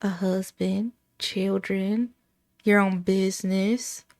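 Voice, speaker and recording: A woman's voice: medium pitch, fairly even intonation, slow, darkish tone, dry recording, studio quality, voice pushed down. A woman voicing a blunt, pushy grandmother who nags her family in slangy, matter-of-fact talk.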